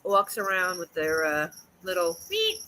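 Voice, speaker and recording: A woman's voice: lowish voice, huge pitch swings, unhurried, noisy background. A woman with a New York accent, chatting on a livestream in a giggly, rambling way and jumping from topic to topic. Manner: giggly, rambling, jumps between topics, breaks into silly voices. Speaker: livestream host. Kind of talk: casual livestream chat.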